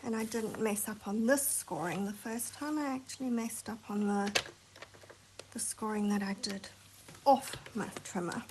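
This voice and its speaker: A woman hosting a craft tutorial, chatting and thinking aloud as she works, sometimes dropping to a soft near-whisper while she concentrates. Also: mid-range voice, normal speed, background noise. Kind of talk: chatty hands-on craft demonstration.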